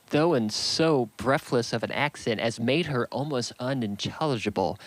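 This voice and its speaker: A man narrating a classic novel aloud at a steady, measured pace. His voice sits at a middling pitch, and the recording is dry and close with almost no room sound. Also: no room sound, rough recording. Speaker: audiobook reader.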